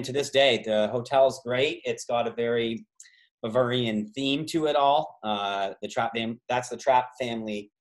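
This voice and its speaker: Chatty Canadian man hosting trivia. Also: medium pitch. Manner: rambling, many fillers and side stories. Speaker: trivia host and tour guide. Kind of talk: casual trivia hosting on video call. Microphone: video call.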